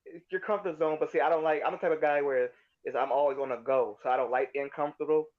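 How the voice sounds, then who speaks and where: A young man from Connecticut talking in casual podcast chat, emphatic and relaxed. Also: on the high side, fast talker. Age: young adult. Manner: emphatic, casual, says "you know" a lot. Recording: dull lo-fi audio.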